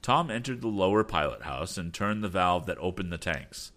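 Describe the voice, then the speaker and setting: A man narrating a classic adventure novel aloud in a steady, expressive reading. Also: deep voice, moderate pace. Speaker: audiobook narrator.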